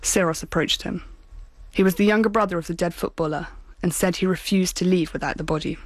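A woman journalist narrating a first-person documentary report in a measured, grave manner. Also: lowish voice, steady tone, no room sound.

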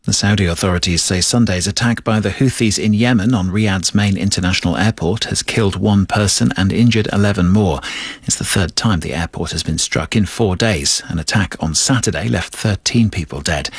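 Male news anchor, slightly husky, dry studio sound, measured formal read. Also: low voice, no echo. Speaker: newsreader. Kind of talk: radio news bulletin reading.

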